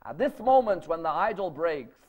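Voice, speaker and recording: A man's voice: on the high side, sing-song, moderate pace, a little mellow. A man preaching to a live audience, emphatic and storytelling, firing rhetorical questions. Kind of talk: religious lecture to a live audience. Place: lecture gathering.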